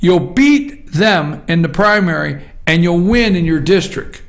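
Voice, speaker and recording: A man with a notably high voice delivers a fired-up political opinion monologue as a talk show host. He hammers his points with emphatic, repeated refrains. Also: animated, measured pace.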